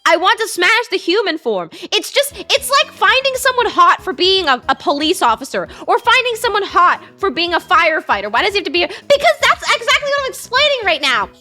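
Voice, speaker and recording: Giggly young canadian streamer girl rambling on, really high bright voice. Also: very animated, fairly quick, hardly any pauses. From west coast of Canada. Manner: giggly, rambling, lots of restarts and repeats. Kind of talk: casual chat while gaming.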